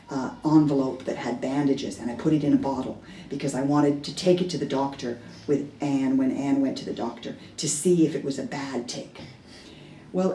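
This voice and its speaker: A low, mellow-voiced woman gives a candid, self-deprecating dharma talk, stopping and restarting as she tells her story. She is recorded from some distance in an echoey hall with a faint room hum.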